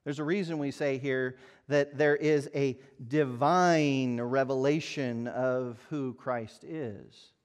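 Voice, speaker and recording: A man's voice: medium pitch, steady tone, slow pace, few pauses, smooth. A man preaching a sermon in an earnest, emphatic way, asking the listeners pointed rhetorical questions. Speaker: pastor.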